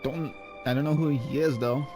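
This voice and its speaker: A man's voice: mid-range voice, steady tone, normal speed, music in the background. A man casually commenting while playing through a game story, rambling and restarting his sentences. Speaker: gaming YouTuber. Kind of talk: casual let's-play commentary.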